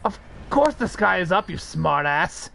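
A man with a high voice chats casually while streaming a co-op game. He teases his partner and swears freely as he plays. Faint noise sits under his voice. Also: sing-song, unhurried, creaky, bright, forceful tone. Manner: joking, swearing, teasing. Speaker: streamer playing co-op. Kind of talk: casual live gaming chat.

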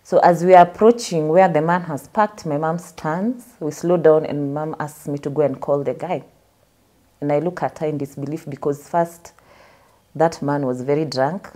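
A woman's voice: sits low, dark tone. A young Kenyan woman telling her life story as a guest in an interview, acting out the voices of the people she quotes.

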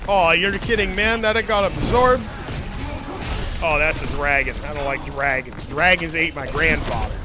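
Guy streaming a game, high voice, jokey, keeps repeating himself, gets loud fast. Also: noisy background. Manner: excitable, jokey, repeats phrases. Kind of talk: live gameplay commentary.

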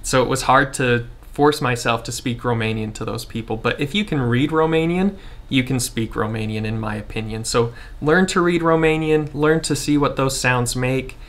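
A man's voice: medium pitch, normal speed. Young man, american accent, casual vlog explainer, filler words, easygoing pace. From Utah, United States. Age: 20s. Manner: relaxed, informal, many fillers. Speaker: vlogger. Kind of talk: casual explanatory talk to camera.

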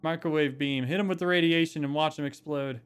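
A man with a slightly raised voice chats through a game session in a casual, joking way. He breaks into excited exclamations now and then. Loud game music plays behind him throughout. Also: a little high, a little fast, smooth. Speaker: let's play streamer. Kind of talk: casual gameplay commentary. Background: game soundtrack and sound effects.

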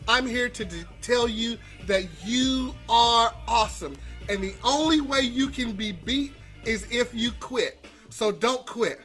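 A high-pitched man with a bright, ringing voice hosts a live motivational session. He speaks energetically, calls out viewers by name and leads them through repeated affirmations. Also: a little slow, faint music behind. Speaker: host of a weekly motivational livestream. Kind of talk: upbeat motivational live talk.

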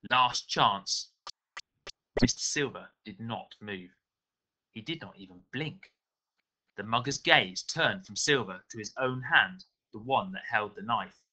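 A male teacher reads a novel aloud to his pupils with expressive storytelling. His voice is very bright and lively, rising and falling with the tale. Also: medium pitch, low-quality recording. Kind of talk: reading a novel aloud to a class.

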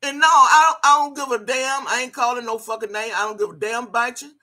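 A woman's voice: on the high side, steady tone, quick pace, pushed and bright. An older woman ranting on camera in heated, scolding commentary, cursing freely and repeating her phrases for emphasis. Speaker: video blogger.

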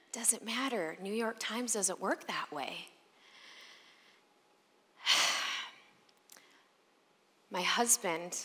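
A woman speaker from Chicago telling a personal story in an animated way to a live audience, acting out the voices of people in it. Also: medium pitch. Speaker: motivational speaker. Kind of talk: storytelling keynote talk. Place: large event hall on stage. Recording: long reverb of a large hall.

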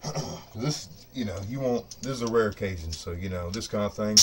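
With a lowish, darkish voice moving a little fast, a middle-aged craps dice-control host rants to camera in his home studio equipped for dice rolls. The talk is unscripted, casual and full of swearing, with slight background noise. He's cocky and energized, constantly falling back on "you know what I mean."

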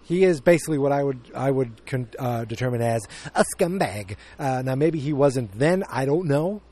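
With a medium-pitched, expressive voice at a moderate pace and a dark tone, this man reviews a movie casually on his podcast. He rambles, corrects himself along the way and offers strong opinions.

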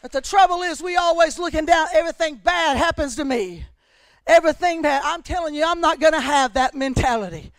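Impassioned high-voiced preaching woman. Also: expressive, fairly quick, no echo. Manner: impassioned preaching, often shouting, swings between loud and hushed. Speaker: pastor. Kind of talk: sermon.

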